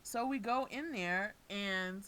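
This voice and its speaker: A woman's voice: medium pitch, takes it slowly, bright, forceful tone, smooth, poor audio. A young woman co-hosting a casual podcast, telling a story in a rambling, hesitant way with lots of fillers. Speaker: podcast co-host.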